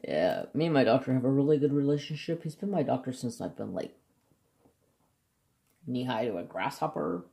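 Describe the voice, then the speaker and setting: A man's voice: mid-range voice, big pitch swings, normal speed, creaky, long pauses, warm tone. A man chatting casually and jokingly as he swatches markers for his craft vlog. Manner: chatty, joking, self-deprecating. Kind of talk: casual chat.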